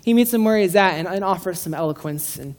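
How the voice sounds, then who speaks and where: Speaking quickly in a medium-pitched voice, a preacher delivers an informal, conversational sermon full of jokes to a live congregation in the room, frequently tripping over and restarting phrases.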